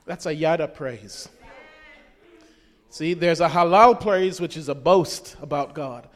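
A pastor with a high-pitched man's voice preaches with fervor, rising again and again into loud, ringing shouts. He exhorts the congregation in full sermon style. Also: slow.

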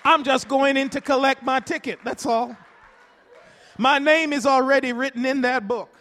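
High-voiced rousing male preacher. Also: fairly bright tone, in a large hall. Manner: rousing, repetitive call-and-response preaching. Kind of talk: sermon.

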